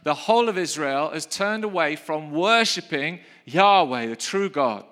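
Bright-voiced preacher in a reverberant hall. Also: male voice, fairly high pitch, a little slow. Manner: lively, playful, builds to rousing calls of praise. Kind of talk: sermon with scripture reading.

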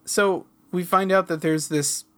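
A co-host in casual podcast chat, recapping a cartoon episode with quick asides and quoted lines. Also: mid-range voice, fairly even intonation, a bit bright, smooth.

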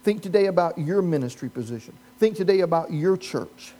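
A man with a notably high voice delivers a sermon as pastor. He preaches with animated humor, throwing questions to the congregation and riffing on the story. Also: brisk.

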